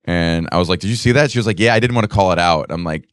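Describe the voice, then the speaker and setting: A man's voice: low voice, racing, clean tone, no echo, clean studio sound. A man, a comedian co-hosting a podcast, chatting casually and candidly, with some swearing. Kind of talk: casual chat.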